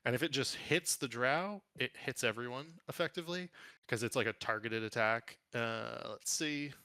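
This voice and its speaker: A man's voice: mid-range voice, moderate pace, pushed and bright, no room sound. A man running a tabletop game as game master, thinking aloud in a casual, hesitant way.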